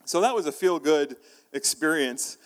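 A man's voice: a little high, expressive, normal speed. A man preaching a sermon as pastor, telling a story in a conversational way with frequent restarts. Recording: long reverb of a large hall.

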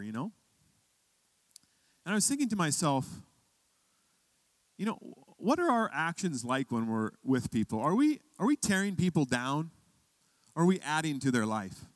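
Pastor, male, chatty storyteller in the pulpit, slightly raised pitch, dry sound. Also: dry recording. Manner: conversational storytelling, rising to emphatic questions. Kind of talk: sermon with a personal story.

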